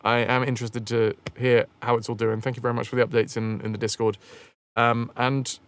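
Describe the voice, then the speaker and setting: A livestream gamer with a smooth, mid-range voice in a level tone speaks fairly quickly as he plays a retro game. His talk to stream viewers is casual gameplay chat, full of jokes, swearing, and thinking aloud.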